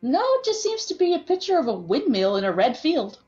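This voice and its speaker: A woman's voice: sits high, sing-song, a little fast, a little mellow, highs cut off. A woman running an online tabletop game as game master, describing scenes casually with many fillers.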